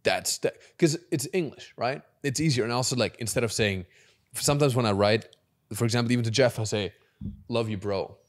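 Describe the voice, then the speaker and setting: A man's voice: mid-range voice, fairly quick. A man with a German accent, hosting a podcast and talking candidly and reflectively in casual conversation. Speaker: podcast host.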